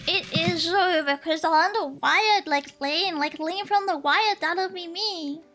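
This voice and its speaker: Her voice very high-pitched and unhurried, a young Swedish streamer chats casually and playfully with viewers, giggling as she reads their comments. Soft lo-fi music runs under her talking.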